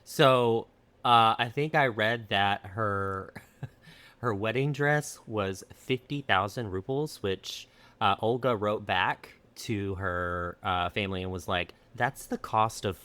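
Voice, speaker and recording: Bright-voiced man telling history jokingly. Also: lowish voice, slow pace. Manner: jokey storytelling, laughs often, acts out quotes. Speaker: podcast co-host. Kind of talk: casual history podcast chat.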